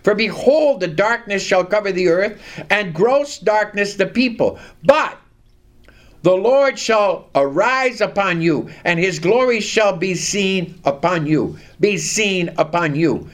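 Slow, high-voiced male preacher. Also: expressive. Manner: reads scripture aloud and has the congregation repeat lines; slow, deliberate emphasis on key words. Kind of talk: sermon.

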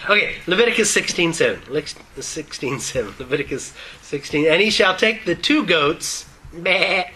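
Older man, preacher, folksy Bible teaching, jokey, bright forceful voice, loose dentures. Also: a little high, animated, moderate pace, slight background noise, poor audio. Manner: folksy and joking, with reading of scripture.

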